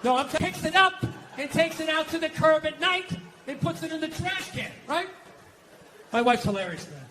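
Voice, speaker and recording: Loud ranting man doing stand-up. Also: animated, normal speed, background noise. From United States. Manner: loud, ranting, profane, swings between shouting and low muttering. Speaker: stand-up comedian. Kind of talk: stand-up comedy set.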